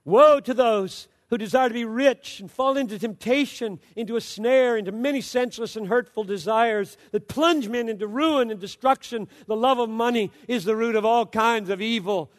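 A man preaching a sermon with passion, moving between loud exhortation and low, hushed storytelling. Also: normal speed, hardly any pauses, in a large hall.

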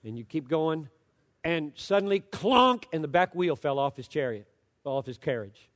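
A man preaching a sermon with passion, moving between loud exhortation and low, hushed storytelling. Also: lively intonation, moderate pace, long reverb tail.

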